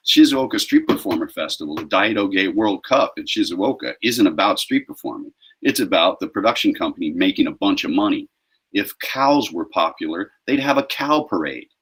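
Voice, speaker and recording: A man's voice: sits low, slightly rough, rough recording. A man, a street performer guest, telling stories in a casual interview and acting out confrontations with emphasis.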